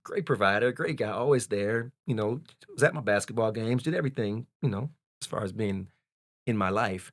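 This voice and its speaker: A man in his forties, a podcast guest telling a personal story in a candid, animated way. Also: lowish voice, fairly quick, no echo. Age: 40s. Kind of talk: casual storytelling.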